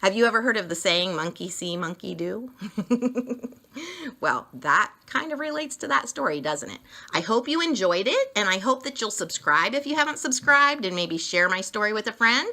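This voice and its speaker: A woman reading a children's picture book aloud with a very expressive, sing-song delivery. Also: fairly high pitch, normal speed. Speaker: storyteller. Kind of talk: children's story read-aloud.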